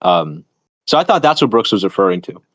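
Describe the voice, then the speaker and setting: A man with a lowish voice and a lively, swooping pitch, talking at length in a rambling, lecturing way. He digresses often and fills gaps with "um" and "like". The sound is dry and close, with no room around it. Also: brisk, no room sound. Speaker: streamer host. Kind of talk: casual chat about philosophy and academia.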